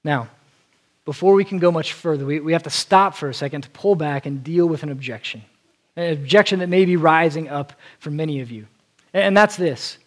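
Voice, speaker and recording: High-voiced earnest male preacher. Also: brisk. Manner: earnest, repeats words as he restarts. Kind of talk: sermon.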